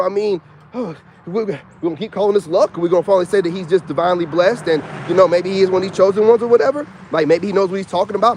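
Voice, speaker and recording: A man's voice: high voice, darkish tone. A man in his thirties talking in a casual vlog monologue, emphatic and repetitive with a slangy delivery. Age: 30s. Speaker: YouTuber.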